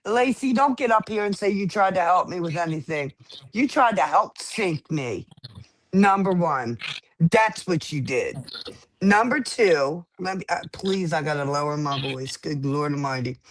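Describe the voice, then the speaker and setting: A woman's voice: on the low side, expressive, a little slow. A woman speaking indignantly on a livestream, accusing someone and repeating her points emphatically. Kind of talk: heated argument on a livestream.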